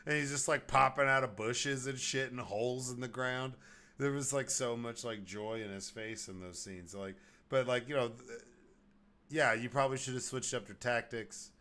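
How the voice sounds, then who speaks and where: A man's voice: medium pitch, moderate pace, pushed and bright. A man from Texas hosting a podcast, ranting in casual, profane chat and mocking people in put-on voices. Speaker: podcast host.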